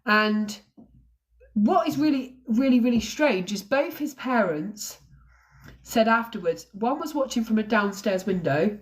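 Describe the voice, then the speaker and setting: Emotional English woman telling a true crime story. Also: mid-range voice. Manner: emotional, tearful, thanks viewers while telling the story.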